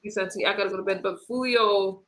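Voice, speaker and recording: A woman's voice: medium pitch, fairly even intonation, quick pace, a bit bright. A woman hosting a live stream, telling a story in a tired, rambling way. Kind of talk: casual chat.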